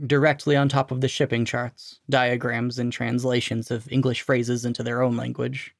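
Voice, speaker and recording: Guy reading a short story out loud, steady and measured, gravelly voice, dry close sound. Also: mid-range voice, dry recording. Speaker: reader.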